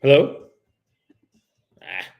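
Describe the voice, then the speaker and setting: A man's voice: drawn-out words, muffled recording. A man from the United States, a real estate agent, making cold calls and chatting casually between them, profane and joking. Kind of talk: livestreamed cold calling with running commentary.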